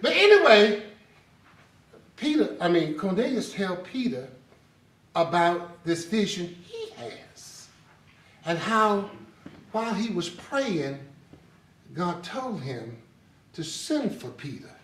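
A man preaching an animated sermon in a church, storytelling with laughter. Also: high voice, takes it slowly, pauses often. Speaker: pastor. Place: church sanctuary. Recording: echoey sanctuary, distant mic.

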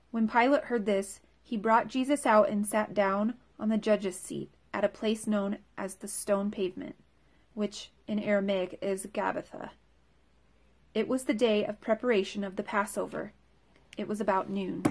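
A woman reading scripture aloud in a church service, clear and measured. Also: mid-range voice, steady tone. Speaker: scripture reader.

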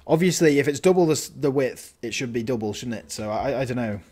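A man's voice: mid-range voice, lively intonation, fast, darkish tone. Rambling man, gameplay commentary. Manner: rambling, thinking aloud with many restarts. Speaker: gaming channel host. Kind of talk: casual let's-play commentary.

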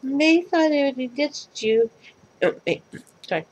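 A woman's voice: sits high, animated, takes it slowly, a little mellow, voice pushed up, rough recording. A woman reading aloud and voicing a big furry horned monster who is shy and earnest. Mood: confiding.

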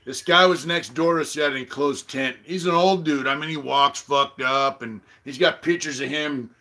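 A middle-aged man talks through a rough, profane story in a casual live-stream chat. His voice sits a little high and comes out bright and forceful. He jumps into loud quotes of the people he argued with. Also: normal speed. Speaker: channel host.

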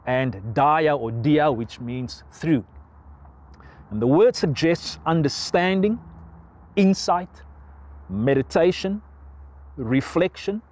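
A man, a pastor giving an earnest, unhurried sermon outdoors on a sunny mountainside, praying and reading scripture aloud, often restarting and repeating words. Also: mid-range voice, darkish tone.

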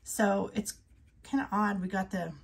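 A woman chatting casually as she swatches fountain pen inks. She is soft-spoken, and her voice drifts into whispers now and then. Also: mid-range voice, little pitch movement, unhurried, gravelly, husky. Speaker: ink reviewer. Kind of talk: casual chat while swatching ink.

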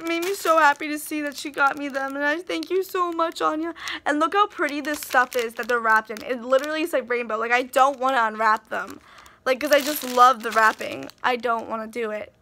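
A woman's voice: sits high, moderate pace, bright, forceful tone, slight background noise. A teenage girl chatting through a casual birthday haul vlog, gushing and bubbly, full of fillers and asides to herself. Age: teens. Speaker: vlogger.

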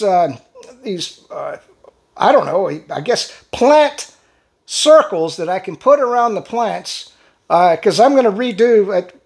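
A man ranting fired-up in political commentary, hosting his own channel. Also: sits high. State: in pain from a neck injury.

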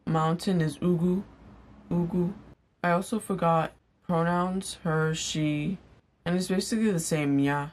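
A young woman giving a casual vlog language lesson, repeating each word slowly for learners. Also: fairly low pitch, steady tone, a little mellow, slight background noise. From Igbo household in Nigeria. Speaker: language teacher. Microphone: on-camera mic.

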